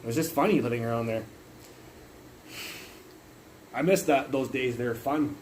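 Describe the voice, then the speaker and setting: A man's voice: medium pitch, fast, slight background noise, rough recording. A young man livestreaming from his phone, telling rambling stories in casual chat and swearing constantly. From Canada, Burnaby area. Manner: rambling, swears constantly, acts out loud yells in his anecdotes. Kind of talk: casual profane storytelling.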